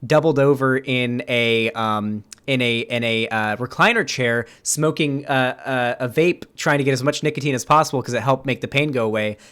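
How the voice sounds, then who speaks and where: A male host talks in a casual chat with a middle-pitched voice. He is blunt and crude, and he likes to tease people. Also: moderate pace, few pauses, fairly bright tone, clean tone.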